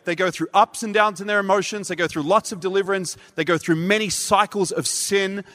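A man preaching a sermon, telling a story with animated delivery and acting out voices. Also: high voice, fairly quick. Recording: reverberant hall.

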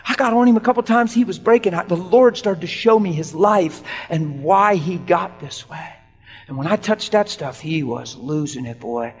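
A man preaches in a big hall, his voice high and lively as he acts out the people in his story. A long reverb trails each line, and soft music sits underneath. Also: moderate pace, slightly rough. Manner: animated preacher acting out quoted voices, laughing often. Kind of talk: sermon storytelling.

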